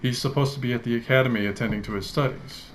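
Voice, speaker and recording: A man's voice: medium pitch, steady tone, quick pace, a little hiss or hum, lightly acted, rough recording. A man voicing a young male dragonborn knight, a haughty older brother, curt and disdainful.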